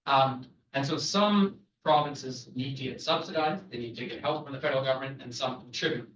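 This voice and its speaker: A man's voice: medium pitch, fairly quick, a bit bright. Canadian man lecturing in an echoey room. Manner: chatty, jokey, asks the audience questions. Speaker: travel lecturer. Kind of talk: lively classroom talk. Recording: echoey, muffled, distant room recording.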